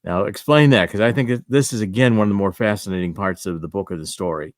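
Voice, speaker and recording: A man hosting an interview, prompting his guest in a relaxed way. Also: on the low side, fast, no echo, clean studio sound. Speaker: interview host. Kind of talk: interview chat.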